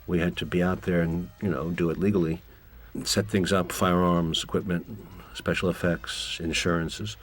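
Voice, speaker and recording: A man with a deep voice talks through a film in a director's commentary. He rambles from story to story, candid and a little wry. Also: level tone, moderate pace.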